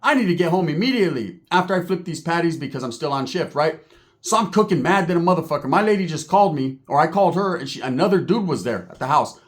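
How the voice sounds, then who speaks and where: A man telling a comic story from his own life, swearing freely and checking in with his listeners after nearly every line. His voice sits a little higher than most men's. He talks in a loose, streetwise way. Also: animated, fast talker. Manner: profane, streetwise, keeps asking "right?".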